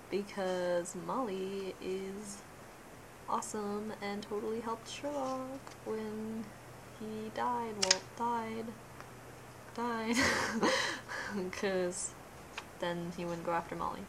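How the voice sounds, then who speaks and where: A woman's voice: mid-range voice, unhurried. Young woman, casual vlogger, gushy and emotional, keeps trailing off; light hiss on the track. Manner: gushing, emotional, trailing off mid-sentence. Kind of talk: casual reaction vlog.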